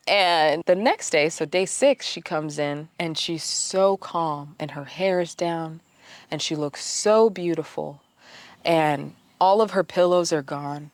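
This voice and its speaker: Woman vlogger, low voice, dry close sound, candid and self-mocking storytelling. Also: unhurried, dry recording. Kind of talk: personal storytelling.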